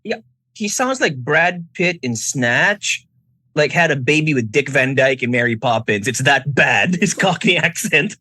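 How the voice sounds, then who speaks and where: A man co-hosts a casual film podcast, his pitch rising and falling with lively emphasis. He stumbles over restarts and laughs easily. The sound is dry and close. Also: a little slow, slightly rough, no room sound. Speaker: podcast co-host. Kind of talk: casual film review chat.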